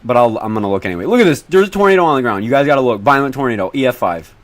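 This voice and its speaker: A teenage boy with a mid-range voice hosts a casual livestream for his chat while tracking storms, talking very fast. He swears, pleads, and repeats himself constantly, erupting in excited bursts whenever he spots something.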